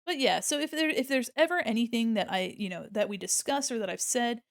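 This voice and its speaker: A chatty American woman with a neutral accent and a fairly high voice, talking to her stream while she draws. She rambles, laughs a lot and greets viewers with bright bursts. The sound is close and dry, with no room around it. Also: brisk, dry recording. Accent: neutral General American. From United States. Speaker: art streamer. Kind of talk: casual live-stream chat while drawing.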